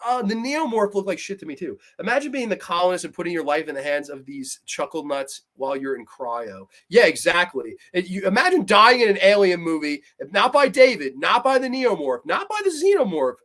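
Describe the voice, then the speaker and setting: A man's voice: high-pitched, a little fast, hardly any pauses. Blunt, profane man reviewing films. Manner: blunt, profane, animated, laughs often, mocks characters in put-on voices. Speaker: host. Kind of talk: livestream film review, reading chat comments.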